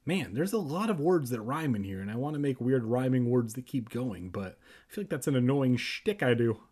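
A man's voice: medium pitch, expressive, a little fast, darkish tone, husky. A man reading a children's horror book aloud for laughs, in a rambling, self-mocking and tipsy manner with jokey asides.

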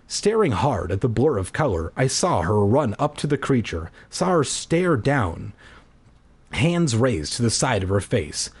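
A man hosting a podcast, reading a children's horror book aloud in an animated way and breaking off into crude throwaway jokes. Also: medium pitch, unhurried, husky. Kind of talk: comedic read-aloud with jokey asides.

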